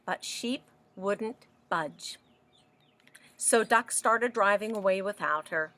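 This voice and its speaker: A woman librarian reading a picture book aloud to children, animated and asking them questions as she goes. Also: on the high side, takes it slowly. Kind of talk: children's story read-aloud.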